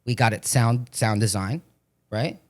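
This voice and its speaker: A man in his forties from Florida, an actor talking as a podcast guest in a casual, animated way, swearing often as he tells stories. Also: mid-range voice, a little slow. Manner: profane, animated storytelling with frequent swearing. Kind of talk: casual chat.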